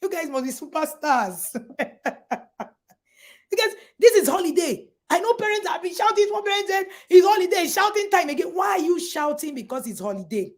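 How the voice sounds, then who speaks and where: A middle-aged Nigerian woman talks to parents as a coach, her voice high and very lively in pitch. She is emphatic and animated, now and then mimicking a shout to drive a point home. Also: brisk, few pauses. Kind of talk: motivational talk to parents.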